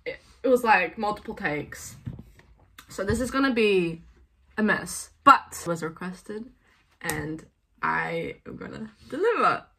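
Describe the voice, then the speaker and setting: A woman's voice: medium pitch, animated, a little slow, gravelly, bright, forceful tone, slightly rough. A woman singer chatting casually and poking fun at herself, laughing often. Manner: self-mocking, giggly, chatty. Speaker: singer doing a cover. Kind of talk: casual chat. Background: backing music.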